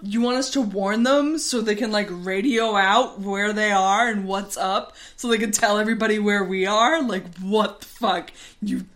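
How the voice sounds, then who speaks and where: A woman's voice: medium pitch, fairly even intonation, moderate pace, a bit bright, natural voice. Woman mocking a callous sub captain. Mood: scoffing. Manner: scoffing, crude, dismissive. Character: brash callous male submarine captain.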